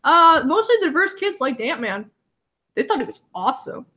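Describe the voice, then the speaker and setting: A young adult woman, a guest on a casual podcast chat, telling stories excitedly and laughing often. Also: high voice, moderate pace.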